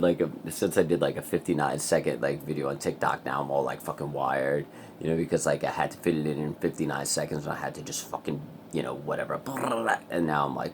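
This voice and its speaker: Talking a little fast, this vlogger has a very deep, low voice and a loose, rambling style to camera. Full of restless energy, he curses nonstop and breaks into laughter often, over a faint hiss.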